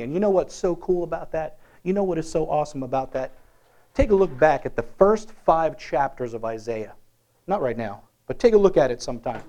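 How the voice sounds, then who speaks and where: A man preaching a sermon, swinging from loud dramatic bursts to hushed asides and asking his listeners questions. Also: a little high, lively intonation, a little fast. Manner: asks the listeners questions often. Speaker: pastor.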